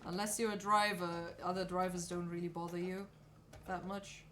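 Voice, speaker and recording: A woman's voice: fairly low pitch, flat delivery, moderate pace, background noise. A woman streamer chatting casually while she sews, talking to herself and answering her chat in a playful way.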